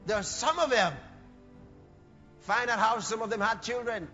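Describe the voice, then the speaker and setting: A very high-pitched man preaching with fervor, breaking into shouts and playing out little scenes. His voice rings through a long hall reverb and sounds dull and muffled, with faint music underneath. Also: moderate pace. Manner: fervent, shouting bursts and acted quotes. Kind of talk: sermon. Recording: dull, echoey hall recording.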